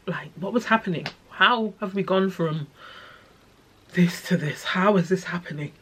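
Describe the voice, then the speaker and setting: Tearful, husky-voiced woman vlogging. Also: on the low side. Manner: tearful, halting, many restarts and fillers. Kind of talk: personal vlog, emotional storytelling.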